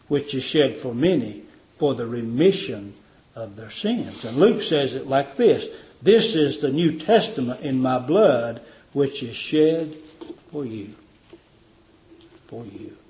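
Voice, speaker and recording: A man's voice: medium pitch, darkish tone, dull audio. A man preaching a communion sermon in a fervent, repetitive cadence.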